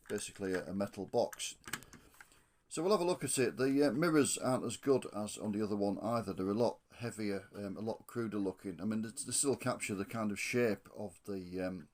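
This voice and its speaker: A man reviewing a model coach, thinking aloud with frequent ums and restarts, slightly hoarse from losing his voice. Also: lowish voice, a little mellow. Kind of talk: casual hands-on product review.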